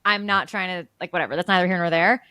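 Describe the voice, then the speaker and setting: Woman co-host, measured and argumentative, dry close sound. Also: lowish voice, sharp tone, no echo. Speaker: podcast co-host. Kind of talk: casual political chat.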